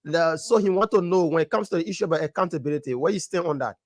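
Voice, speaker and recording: Radio host with a high voice. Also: male voice, no room sound, clean studio sound. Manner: halting, many fillers and restarts. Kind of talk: call-in talk show hosting.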